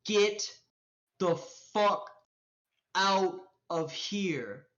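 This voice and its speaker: A woman's voice: lowish voice, big pitch swings, measured pace, dull audio. A woman voicing a brash, aggressive young street tough who swears constantly and picks fights. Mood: menacing. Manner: profane, swaggering, confrontational.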